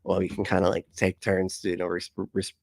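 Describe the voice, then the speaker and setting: A man's voice: deep voice, completely flat delivery, fairly quick, gravelly, a little mellow, no echo. A man hosting a casual livestream, talking loosely and mockingly, often laughing and swearing as he reacts to clips. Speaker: livestream host.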